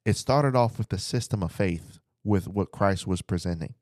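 A man's voice: sits low, moderate pace, a little mellow, dry recording, studio quality. A man teaching the Bible as a preacher, earnest and repeating phrases for emphasis, speaking to listeners at home.

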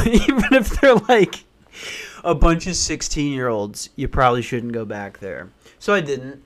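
A man's voice: medium pitch, lively intonation, moderate pace, fairly bright tone. A man in his twenties hosting a podcast alone from a small back office, rambling and swearing, laughing at his own jokes. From western Pennsylvania. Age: 20s. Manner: profane, rambling, laughing at himself. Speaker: podcast host. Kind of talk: casual podcast rant.

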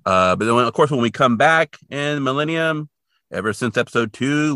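A man co-hosting a podcast, chatting casually and rambling through animated asides. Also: medium pitch, normal speed, no room sound, studio quality. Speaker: podcast co-host. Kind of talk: casual chat.

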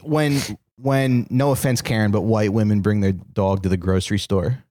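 A man's voice: lowish voice, steady tone, warm tone, no echo. A man co-hosting a podcast in casual chat, joking around and laughing often. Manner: joking, quick to laugh, lots of fillers. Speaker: podcast co-host.

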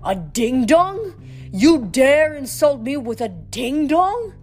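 Big pompous giant warlord guy, woman doing the voice, roars orders, slow and raised. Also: fairly high pitch, expressive, darkish tone, faint music behind. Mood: roaring. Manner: roaring, commanding, pompous. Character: towering arrogant male giant, impatient warlord. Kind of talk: storybook reading.

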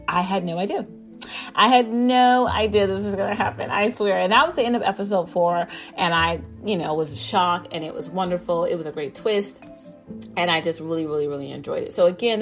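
Gushing reviewer, female, lowish pitch, loose casual recap. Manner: enthusiastic, rambling with many fillers. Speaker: drama reviewer.

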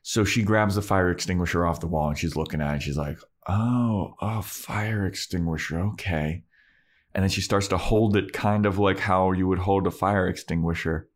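Low-voiced man recapping a TV episode. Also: steady tone, fairly quick, hardly any pauses. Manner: retells scenes acting out characters' lines, laughs often. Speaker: podcast co-host. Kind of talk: casual recap chat.

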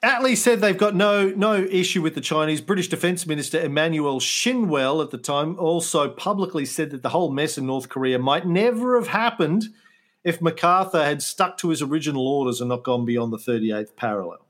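A man's voice: on the high side, a little fast, a bit bright. Man reading history aloud on a podcast. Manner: reads documents aloud, jokey asides. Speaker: podcast co-host. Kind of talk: casual history podcast chat.

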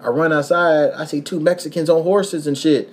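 A young man from Kentucky hosting a casual podcast, telling profane, animated stories with frequent laughs. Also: on the high side, normal speed, slight background noise. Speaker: podcast host.

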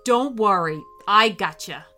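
A woman voicing a friendly, reassuring male superhero speaking calmly to a young boy in a children's audio story. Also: medium pitch, unhurried, soft background music.

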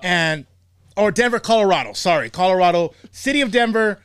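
A man's voice: high-pitched, brisk, clear, resonant tone, dry recording, studio quality. A man hosting a podcast, telling a story in a casual, profane way and laughing often. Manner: animated, swears a lot, laughs often. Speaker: podcast host.

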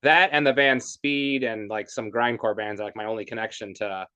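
A man's voice: on the low side, steady tone, a little fast, pushed and bright, clear, resonant tone, highs cut off. A man hosting a podcast, asking questions in a chatty way with lots of fillers. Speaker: podcast host. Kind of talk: casual interview.

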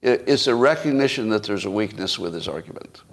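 A man's voice: fairly low pitch, animated, a little fast. Rambling opinionated male podcast host. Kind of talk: casual solo political commentary.

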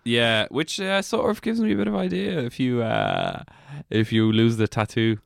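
A man's voice: medium pitch, moderate pace, vocal fry, no room sound, studio quality. A man co-hosting a podcast, telling stories, teasing and swearing in casual banter. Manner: laughing, teasing, animated storytelling. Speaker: podcast co-host.

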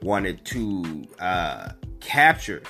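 Low-voiced man giving rambling opinions. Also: sing-song, very slow, bright, forceful tone, soft background music. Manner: rambling, opinionated, many fillers and restarts. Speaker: podcast host. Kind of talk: casual solo commentary.

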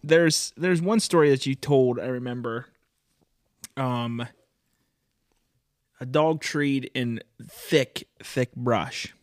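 A man's voice: medium pitch, slow pace, long pauses, dry recording, studio quality. A man hosting a casual interview, prompting his guest to tell a story. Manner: prompting, conversational.

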